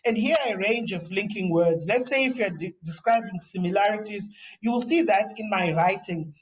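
In a dull, lo-fi recording where he's set back from the microphone, a male professor lectures on writing in a relaxed way. He talks at a moderate pace in a high voice, frequently repeating himself and starting phrases over.

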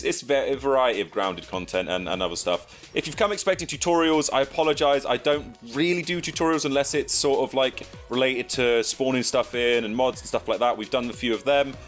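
A young English man chatting and joking through gameplay commentary, breaking into excited shouts, recorded at a home desk mic. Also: medium pitch, fairly quick, soft background music. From England. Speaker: gaming YouTuber.

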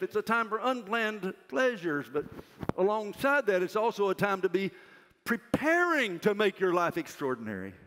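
Older man, chapel preacher, high bright voice, emphatic, long hall reverb. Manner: loud, emphatic preaching that drops to a soft, self-mocking aside. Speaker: university president speaking at chapel. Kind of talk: chapel sermon to students.

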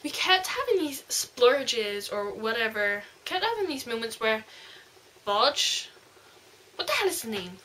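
A woman reviewing a book in a casual vlog, gushing and rambling excitedly. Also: on the high side, unhurried.

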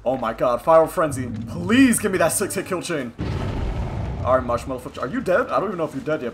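Young male gamer, lively swooping voice, hyped and profane running commentary, game music clearly under him. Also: a little high, normal speed, long pauses. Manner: hyped, profane, talks to opponents on screen. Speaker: gaming streamer. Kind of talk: live gameplay commentary.

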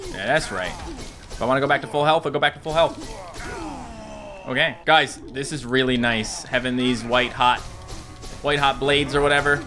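A man in his thirties giving excitable, jokey let's-play commentary, talking to enemies and viewers. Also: mid-range voice, normal speed, over music. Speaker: gaming YouTuber.

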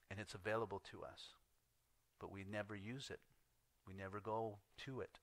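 A man's voice: on the low side, a bit bright, dry recording. A man preaching a sermon as pastor, telling a story with acted-out dialogue and frequent laughter.

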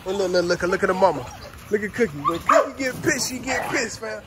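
A middle-aged man vlogging casually while doing kennel chores, talking loosely in slang, calling viewers fam and shouting at his dogs. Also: high-pitched, expressive, fairly quick. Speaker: dog kennel owner. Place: outdoor dog yard with kennels. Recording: outdoor yard noise with dogs barking. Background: dogs barking.

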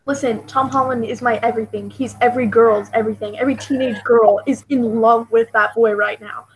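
A teenage girl co-hosting a podcast, chatting casually in an excitable, gushing way. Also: fairly high pitch, a little fast, slightly rough, low-quality recording. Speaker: podcast co-host. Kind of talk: casual chat.

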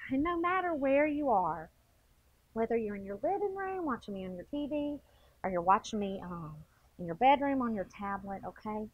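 A woman's voice: on the high side, moderate pace, dry recording, phone-quality sound. A woman, a second grade teacher giving a playful TV math lesson and talking straight to the children. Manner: playful, animated, talks straight to kids. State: a little out of breath.

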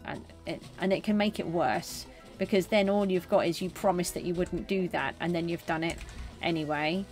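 A middle-aged woman streaming a game, chatting casually with viewers and answering them in a gentle, consoling way. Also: lowish voice. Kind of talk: casual live-stream chat.

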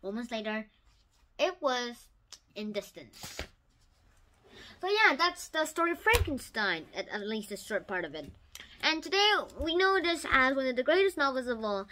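Give me a woman with a lively, swooping voice who retells a story in a halting, casual way, with sudden loud bursts. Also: high-pitched, background noise. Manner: halting, with restarts and loud excited outbursts. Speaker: YouTube storyteller.

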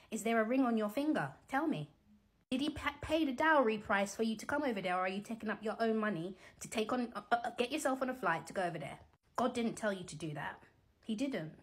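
A middle-aged woman gives animated, teasing, preachy commentary as a Christian vlogger, talking casually from home. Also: mid-range voice, breathy edge.

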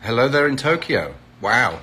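A middle-aged man from England who is a reality TV personality hosts a laid-back live stream on his phone, greeting viewers by location and promoting an event. He has a medium-pitched, sharp-toned voice with big pitch swings, speaks at a normal speed, and there's slight background noise.

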